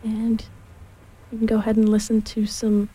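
A woman with a breathy voice reading a children's storybook aloud, gentle and unhurried, from home on a laptop mic. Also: fairly high pitch, monotone, low-quality recording. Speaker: storybook reader.

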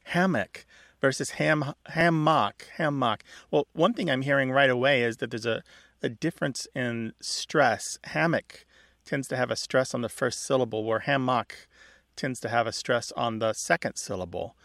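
A man's voice: medium pitch, moderate pace, creaky, a bit bright, no echo, studio quality. A man co-hosting a radio call-in show about language, explaining words in a chatty way and laughing often.

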